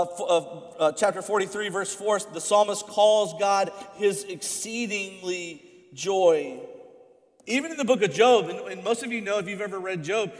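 High-voiced animated preacher man. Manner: animated storytelling, swings from fast asides to slow emphatic lines. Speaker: pastor. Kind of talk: sermon. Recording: preaching in a reverberant hall.

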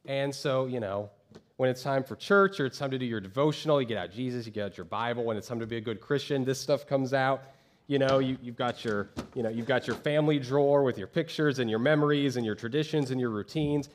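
A man preaching a sermon as pastor from a church stage, lively, acting out the voices of the people he describes. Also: medium pitch, fast talker, slight background noise. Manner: animated, acts out quoted voices of churchgoers.

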